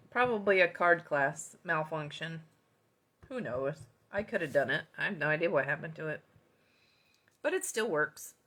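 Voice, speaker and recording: A woman with a bright, forward voice talks through a stamping tutorial in a loose, chatty way. She wanders into self-deprecating asides and keeps the tone casual, as if working at her own craft desk. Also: fairly low pitch. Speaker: card-making demonstrator. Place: home craft desk with wood surface.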